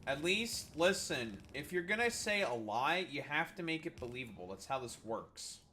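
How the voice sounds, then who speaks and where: Streamer, male, animated pitch, mocking and trash-talking, slightly high voice. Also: moderate pace, slight background noise. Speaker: livestream host. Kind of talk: casual livestream chat.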